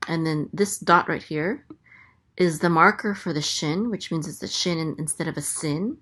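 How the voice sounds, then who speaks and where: A woman's voice: deep voice, normal speed, fairly bright tone. A woman teaching a language lesson, going through letters and vowels and patiently repeating each syllable. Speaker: Hebrew teacher. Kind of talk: slow, careful letter-by-letter lesson.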